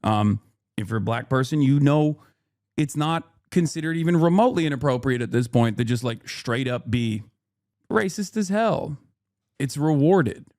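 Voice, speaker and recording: A man hosting a live stream talks straight to his chat in a loose, unscripted way. He moves between joking pushback and earnest explaining, often restarting sentences as he works out his point. His voice sits at an ordinary middle pitch, recorded close and dry. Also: expressive, normal speed, darkish tone, no room sound. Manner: frequent restarts and filler while thinking aloud. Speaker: livestream host. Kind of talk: casual live-stream commentary.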